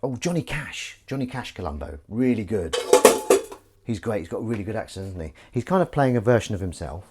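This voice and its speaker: Man, lowish and very animated, rambling self-deprecating chat over a kitchen sink, faint dish clatter. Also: a little fast, noisy background. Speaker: live streamer. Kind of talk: casual chat. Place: home kitchen, washing up at the sink. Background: clinking dishes and pans.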